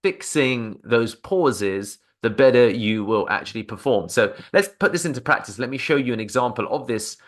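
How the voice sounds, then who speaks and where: Male sales coach, medium pitch, upbeat teaching tone. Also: normal speed, few pauses. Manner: energetic, acts out sample phone phrases. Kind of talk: instructional talk to camera.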